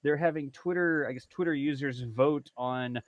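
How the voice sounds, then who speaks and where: This livestream host, a man with a mid-range voice, chats casually at a normal speed, rambling a bit and reading out viewer donations. His talk is full of fillers and self-corrections, and the lo-fi audio has no echo.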